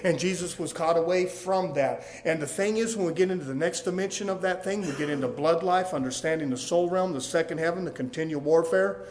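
High-voiced preacher shouting in bursts. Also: male voice, fairly quick, hardly any pauses. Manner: swings from low and quiet to loud shouting; emphatic, repetitive preaching cadence. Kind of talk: fiery sermon.

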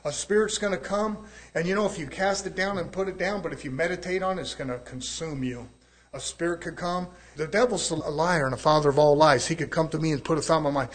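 A man's voice: fairly high pitch, fast talker. A man preaching a sermon in a folksy way, his volume rising and falling.

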